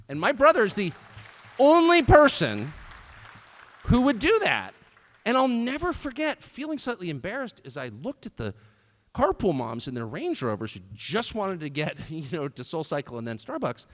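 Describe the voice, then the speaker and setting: A middle-aged man delivers a sarcastic, mocking speech with short laughs. His voice sits high and leaps all over the place. It rings out in an echoey hall. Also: wildly swooping pitch, moderate pace, fairly bright tone. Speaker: speaker at a political event. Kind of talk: live speech to an audience.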